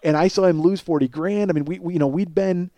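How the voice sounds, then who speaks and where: A man's voice: sits high, fast, warm tone. A man in his forties telling a long personal story in a casual, profane way, often laughing as he talks. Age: 40s. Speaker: podcast storyteller.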